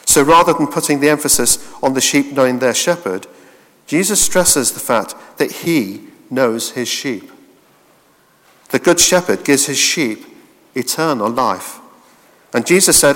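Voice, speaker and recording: A man preaching a steady expository sermon, with small restarts now and then. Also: medium pitch, normal speed. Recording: reverberant hall.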